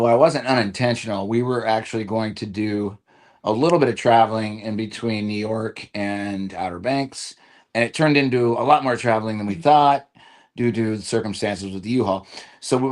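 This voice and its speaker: A man hosting a casual online show, talking haltingly with many fillers and restarts, broadcasting from a hotel room. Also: fairly low pitch. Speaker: podcast host. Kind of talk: casual chat.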